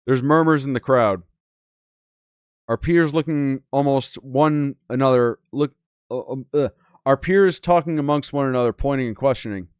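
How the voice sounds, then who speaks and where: A man's voice: medium pitch, moderate pace, clean tone, no echo, studio quality. A man hosting a gaming channel, reading a game's story aloud with casual, crude commentary and disbelieving asides.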